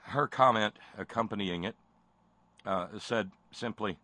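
A man's voice: mid-range voice, measured pace, a bit bright, no echo. A man hosting a talk show, delivering sarcastic, impassioned commentary with frequent stammered restarts.

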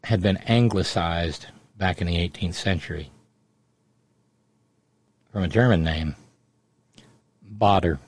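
A man's voice: low-pitched, takes it slowly, long pauses, a little mellow. A middle-aged man hosting a radio show, telling a family story in a rambling, digressive way. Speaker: radio host. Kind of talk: casual radio monologue.

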